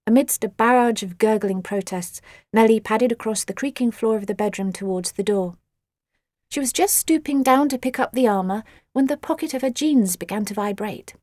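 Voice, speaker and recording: A woman narrating a children's audiobook with expressive, dramatic storytelling. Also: a little high, normal speed, no echo, studio quality.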